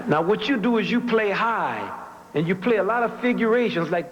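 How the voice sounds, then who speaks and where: A man with a fairly high voice gives a commencement speech as a story, acting out the sounds of drums, tuba and horns with his mouth. He is from New Orleans. The recording is muffled and lo-fi. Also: brisk. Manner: vocalizes drum and horn sounds, animated storytelling. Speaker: commencement speaker.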